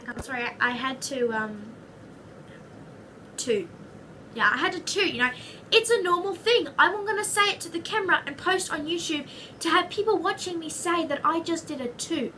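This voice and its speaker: A woman's voice: sits high, normal speed, bright, forceful tone, recorded from a distance, a little hiss or hum. Bubbly Australian girl rambling to camera. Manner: giggly, rambling, goofy asides. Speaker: vlogger. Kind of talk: casual chatty vlog.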